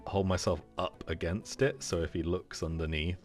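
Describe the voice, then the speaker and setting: A man's voice: deep voice, fairly even intonation, normal speed, faint music behind. A man playing a tabletop game, describing his character's moves in a rambling, playful way. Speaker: player. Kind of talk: casual play at the table.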